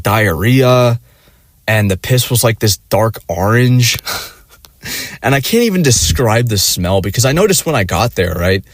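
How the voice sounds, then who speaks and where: Young man, lowish dry voice, rambling and profane, casual rant. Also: dry recording. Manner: rambling, profane, many fillers.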